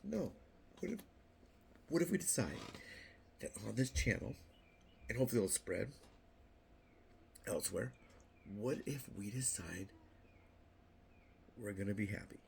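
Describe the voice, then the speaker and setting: An older man vlogs to camera in a loose, rambling monologue, circling back and repeating words. His voice sits low and carries a gravelly rasp. A faint hiss runs under him. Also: expressive, normal speed, pauses often. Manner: playful, acts out little quoted voices. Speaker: YouTube vlogger.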